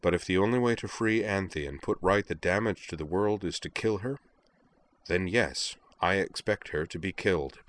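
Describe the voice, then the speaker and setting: A man voicing a cool, authoritative young chairman who speaks in a measured, flat way, in a story reading. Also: sits low. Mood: cold. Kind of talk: audiobook reading of fan fiction.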